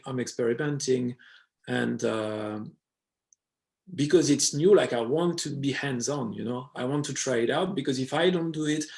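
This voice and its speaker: French-accented man, gravelly guest. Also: mid-range voice, a little mellow. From France. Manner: hesitant, many fillers and restarts. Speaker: guest musician. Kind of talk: casual interview conversation.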